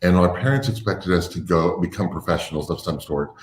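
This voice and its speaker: A man, a ballet company's artistic director, talking reflectively and unhurriedly as a podcast guest. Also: low voice. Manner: reflective, unhurried, with fillers and restarts. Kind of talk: casual interview chat. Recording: roomy echo.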